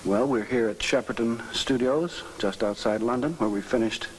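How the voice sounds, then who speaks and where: A male actor answering interview questions in a measured, thoughtful way with frequent hesitations. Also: mid-range voice, slight background noise, poor audio.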